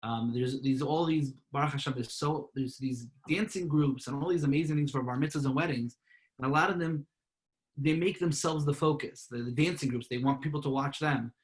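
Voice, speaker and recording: Man of middle pitch, earnest guest telling his story, many restarts. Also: a little fast, rough recording. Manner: repeats words and restarts often, heartfelt. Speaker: guest, part-time professional clown.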